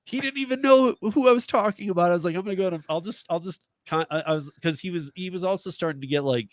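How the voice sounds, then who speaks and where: A man's voice: high voice, fast talker, no echo. A man in his thirties tells a story on a casual talk show, acting out each side of a conversation with plenty of bounce in his voice. He laughs easily. The recording is close and dry, with little room sound. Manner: animated storytelling, acts out quoted dialogue, laughs often. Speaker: podcast host, rideshare driver. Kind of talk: casual chat.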